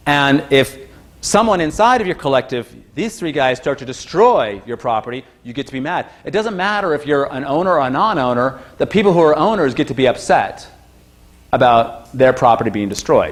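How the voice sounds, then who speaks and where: A lecturer with a slightly higher-pitched man's voice teaches a class in a loose, chatty way. He jumps into sudden squeaky outbursts when he imitates other people, then drops back to his easy classroom tone. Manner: chatty, animated, acts out quoted voices with sudden high-pitched exclamations. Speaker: university lecturer.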